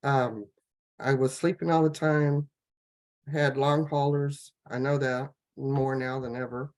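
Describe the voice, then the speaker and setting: A woman on a laptop video call, telling her personal health story in a rambling, halting way, full of fillers and restarts. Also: very deep voice, fairly even intonation, darkish tone. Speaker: guest sharing a health testimonial. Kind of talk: casual personal testimony.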